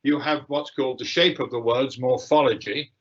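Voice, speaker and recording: An older man giving a lecture and answering questions, with frequent fillers, pauses and restarts. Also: medium pitch, fairly even intonation. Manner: hesitant, many fillers and restarts. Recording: dull lo-fi livestream audio.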